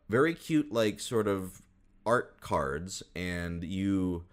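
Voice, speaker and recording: A man hosting a podcast in casual chat, rambling with fillers and frequent laughs. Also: low voice. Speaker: podcast host.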